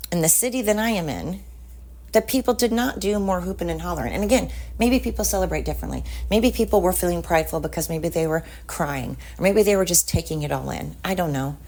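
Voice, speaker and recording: A woman's voice: fairly low pitch, a little mellow. A woman hosting a podcast, talking in a heated, blunt rant and swearing often. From United States. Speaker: podcast host. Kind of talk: casual ranting monologue.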